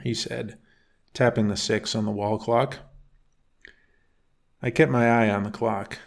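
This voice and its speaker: A man narrating a first-person bedtime story in a calm, unhurried reading voice. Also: on the low side, vocal fry.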